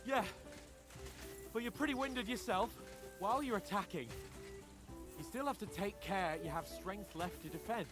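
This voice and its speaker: A man's voice: high voice, normal speed, pauses often, lightly acted. An actor playing a cocky young nobleman in a video game, teasing and commanding his sparring partner. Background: game music.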